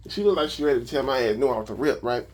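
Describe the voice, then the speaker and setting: A man casually telling a story about his own life, animated and full of profanity. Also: mid-range voice, fast talker, slightly rough. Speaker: vlogger.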